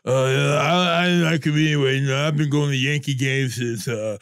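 A man's voice: mid-range voice, fairly even intonation, a bit bright, smooth, voice pushed down, close to an everyday voice. A man mimicking a sleepy older male sports radio host who mumbles and stalls. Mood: drowsy. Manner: halting, drowsy, full of "uh"s.

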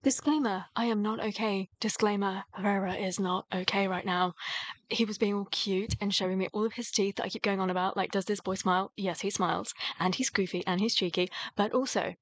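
A woman vlogger giving a casual, gushing and excitable reaction commentary to a music video. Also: mid-range voice, brisk. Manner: gushing and excitable, breaks into laughs and exclamations. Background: music from the video playing.

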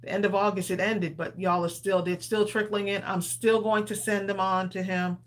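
A woman's voice: medium pitch, level tone, normal speed. A woman co-hosting a live crafting stream, chatting casually with viewers and laughing often. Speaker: crafting show co-host.

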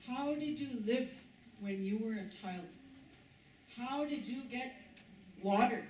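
A woman's voice: fairly high pitch, slow, a little hiss or hum. An older woman from Saskatchewan sharing a personal story to a workshop audience, acting out the voices of the people in it. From Saskatchewan, Canada. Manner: animated storyteller who acts out quoted voices. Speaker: traditional knowledge keeper leading a workshop. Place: workshop space. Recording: echoey, from far off, faint ambience.

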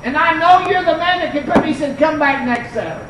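This is an older preacher at a revival service, fervent and storytelling, who swings up into shouted peaks. The voice sits high and rings around a reverberant church, picked up from well back with a faint hiss underneath. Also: fast. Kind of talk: revival sermon. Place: church sanctuary. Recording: echoey church, mic far off.

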